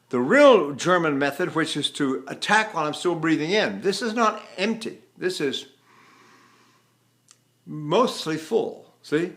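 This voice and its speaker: A man's voice: high-pitched, a bit bright. An older man teaching a voice lesson with a trained tenor voice, talking animatedly and breaking into sung phrases. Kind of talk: vocal lesson with sung demonstrations.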